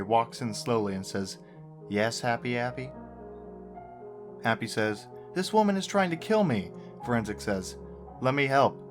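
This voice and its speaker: A man narrating a horror story, with dry, sarcastic asides. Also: lowish voice. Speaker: creepypasta narrator. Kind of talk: story reading with commentary. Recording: guitar music under the voice.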